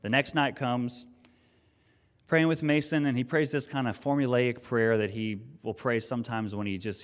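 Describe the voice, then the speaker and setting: A man preaching a sermon, telling a personal story in an earnest, conversational way with frequent restarts. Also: on the low side. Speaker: pastor. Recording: long reverb of a hall.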